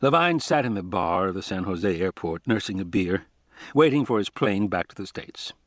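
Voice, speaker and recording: A man narrating an audiobook in a steady, measured reading voice, recorded close to the mic. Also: deep voice, dry recording. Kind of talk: scripted narration.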